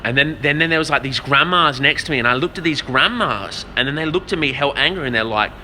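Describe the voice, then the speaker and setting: In a casual vlog, a young man rambles through profane stories, constantly calling the listener "man" and "bro." His voice is fairly high and sharp, and he talks fast. There's faint background noise.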